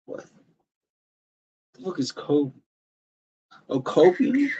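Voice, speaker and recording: A man's voice: fairly high pitch, very animated, slow, mellow, slightly rough, dull audio. A man from Illinois on a livestream, arguing with his chat in a profane, confrontational, trash-talking way. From Champaign, Illinois, USA. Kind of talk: heated livestream argument.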